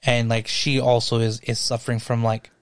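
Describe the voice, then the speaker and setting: A man's voice: mid-range voice, level tone, moderate pace, clean tone, no room sound, studio quality. A man co-hosting a casual movie podcast, rambling through his thoughts with many fillers and restarts. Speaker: podcast co-host.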